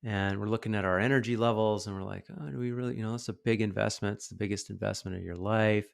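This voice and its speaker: A man in his thirties tells a story on a podcast in a loose, animated way, jumping into the voices of the people in it. His voice sits low with a gravelly edge. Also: fast. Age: 30s. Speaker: podcast host. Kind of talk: casual podcast conversation.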